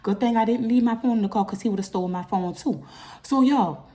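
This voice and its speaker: A young vlogger tells a personal story a little fast in a casual storytime video. Her telling is animated, with sudden loud, high outbursts whenever she gets upset.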